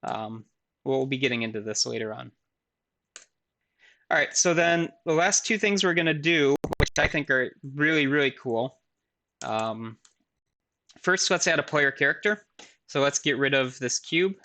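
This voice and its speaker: A man lecturing while he demonstrates software on screen, his voice bright and clear. He talks in a loose, casual way, full of fillers, and makes fun of himself now and then. Keyboard and mouse clicks can be heard behind him. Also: medium pitch, a little slow, pauses often. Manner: casual, self-deprecating, filler-heavy. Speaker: university lecturer. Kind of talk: recorded lecture with live software demo.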